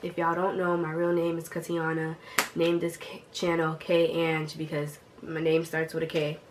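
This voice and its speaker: A young woman in her twenties, sick with a cough, telling a slangy, animated storytime to her viewers. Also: deep voice, normal speed, background noise. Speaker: vlogger. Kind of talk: casual storytime vlog.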